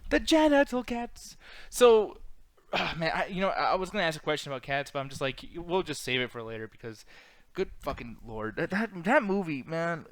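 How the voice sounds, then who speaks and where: A man's voice: on the high side, expressive, fairly quick, fairly bright tone, no room sound. A man hosting a casual livestream chat, rambling and swearing a lot, laughing as he talks. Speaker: podcast host.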